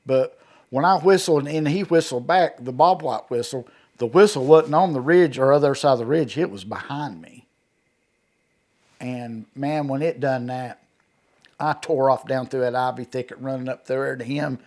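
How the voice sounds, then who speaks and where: A man's voice: mid-range voice, moderate pace, darkish tone. Man retelling a scary encounter. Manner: vivid retelling with many restarts and acted-out quotes. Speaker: eyewitness guest. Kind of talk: telling a personal encounter story.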